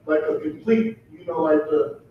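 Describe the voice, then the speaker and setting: A male student asking a question in class, halting and searching for his words. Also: a crowd in the background. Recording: echoey, distant, muffled room mic with faint rumble.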